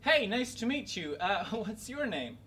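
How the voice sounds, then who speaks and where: A man clowning through a game with wild swings in pitch and loud exclamations. His voice is bright and forward, and he talks slowly between bursts of yelling and laughing. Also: big pitch swings, slightly rough, recorded from a distance. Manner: silly, loud outbursts and laughing. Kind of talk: goofy game commentary.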